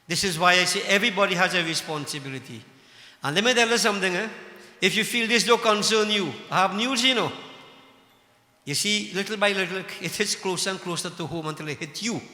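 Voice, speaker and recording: Impassioned high-voiced preacher. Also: male voice, fairly quick, pushed and bright. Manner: impassioned, scolding, full of rhetorical questions. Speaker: religious leader addressing devotees. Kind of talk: sermon. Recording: echoey hall with long reverb.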